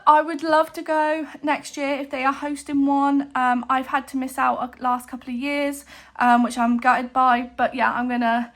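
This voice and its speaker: A woman's voice: high-pitched, a bit bright. A woman, chatting casually to camera as a budgeting vlogger, rambling with many fillers and asides. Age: 20s. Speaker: cash stuffing vlogger.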